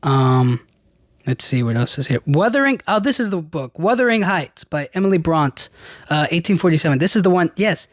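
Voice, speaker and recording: A man's voice: a little high, lively intonation, normal speed, dry recording, clean studio sound. A man hosting his own podcast, chatting casually and rambling through a list with lots of restarts and casual slang. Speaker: podcast host. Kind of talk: casual solo podcast chat.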